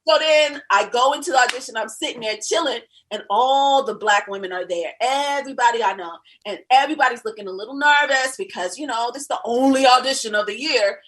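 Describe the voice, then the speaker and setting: A woman with a fairly high voice tells a story in a casual podcast chat. She is animated and breaks into laughter often. She slips into the voices of the people she quotes. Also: brisk, few pauses. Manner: laughs often while telling. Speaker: actress guest.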